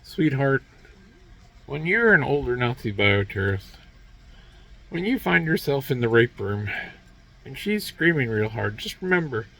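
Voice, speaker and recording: A man's voice: a little high, creaky, fairly bright tone, voice pushed up, full character voice, low-quality recording. A man mimicking a sugary sing-song mother. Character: sugary-sweet mother, falsely tender.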